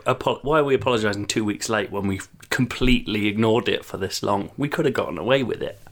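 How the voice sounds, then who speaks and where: A man's voice: lowish voice, fast talker. A man co-hosting a comedy podcast, giggly and teasing. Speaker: podcast co-host.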